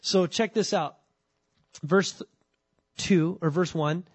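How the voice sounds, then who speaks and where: A man preaching a sermon as pastor, emphatic and repeating words as he starts a thought, slowing down to read scripture. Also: high voice, slightly rough.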